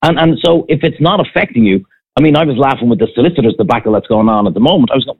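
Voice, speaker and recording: A man's voice: mid-range voice, animated, very fast, husky, phone-quality sound. An Irish man, a former restaurant owner, ranting emphatically in a heated casual chat.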